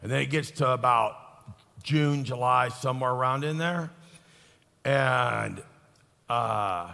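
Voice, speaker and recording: Gravelly bright-voiced event host. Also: male voice, medium pitch, slow. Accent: American. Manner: rambling, folksy, says "ain't". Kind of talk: casual announcements. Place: large conference hall. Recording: echoey hall reverb.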